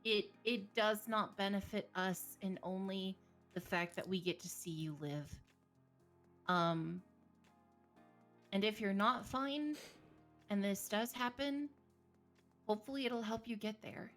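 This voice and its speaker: A woman's voice: medium pitch, a little slow, long pauses, fairly bright tone, soft background music. A woman therapist, a streaming guest, talking candidly about mental health with frequent laughter and jokes. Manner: candid, joking, laughs often. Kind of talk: livestream conversation.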